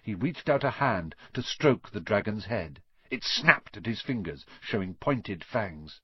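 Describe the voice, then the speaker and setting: A man narrates a children's storybook in a husky, lively voice that swings expressively. The recording is dry and somewhat dull. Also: on the low side, measured pace, no room sound. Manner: expressive, voices each character. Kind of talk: storybook reading.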